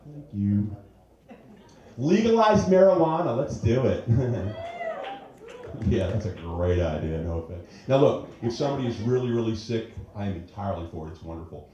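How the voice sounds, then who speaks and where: Brash comedian, warm and very echoey. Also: male voice, fairly low pitch, lively intonation, normal speed, dull audio. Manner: brash, crude, with mock-fussy character voices. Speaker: stand-up comedian. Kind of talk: stand-up comedy set. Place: comedy club stage. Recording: very echoey club room.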